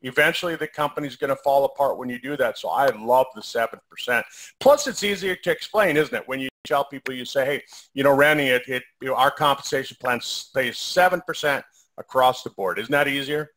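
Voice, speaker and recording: A man co-hosting a casual question-and-answer chat, talking in a relaxed, rambling way with many fillers and restarts. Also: mid-range voice, brisk. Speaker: co-host of a compensation plan Q&A. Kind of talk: casual conversational Q&A.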